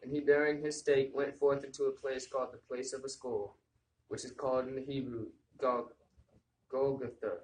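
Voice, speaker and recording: A man reading scripture aloud at a gathering in a steady, plain way. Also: mid-range voice, normal speed. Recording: echoey room with faint noise.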